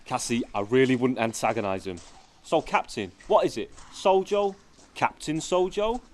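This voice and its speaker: A man voicing a calm, clever, dryly witty time traveller in an audio drama. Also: medium pitch, moderate pace, lightly acted. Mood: wry. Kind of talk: fan audio drama acting.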